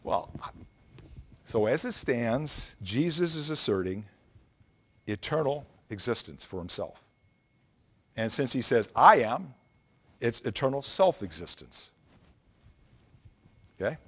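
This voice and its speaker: A man's voice: medium pitch, sing-song, slow pace, pauses often, fairly bright tone, husky. A man preaching a Bible lesson, explaining scripture in an emphatic, teacherly way and often checking in with the listeners.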